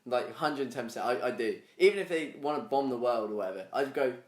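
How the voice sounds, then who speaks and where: A man's voice: mid-range voice, quick pace, hardly any pauses. A young man co-hosting a podcast, rambling in casual banter with frequent laughs. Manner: rambling, animated, laughs often. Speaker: podcast co-host. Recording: roomy podcast recording.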